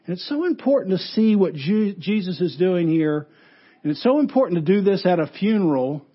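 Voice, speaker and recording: A pastor preaching a funeral sermon, earnest, rising loud for emphasis and dropping low and soft. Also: male voice, sing-song, a little fast, husky, dull audio.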